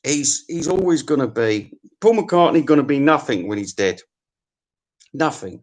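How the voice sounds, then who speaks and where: A man rants through a music countdown in a loose, comic monologue. He swears freely, trips over restarts and repeats himself. His voice sits a little high for a man. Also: lively intonation, moderate pace. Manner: sweary, opinionated, full of restarts and stammers.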